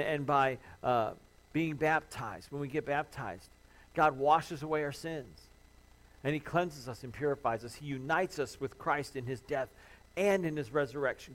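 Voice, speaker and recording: A man's voice: a little high, rough recording. A man preaching a sermon as pastor, earnest and building to impassioned emphasis, acting out the pleas of troubled listeners. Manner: voices imagined worshippers' pleas.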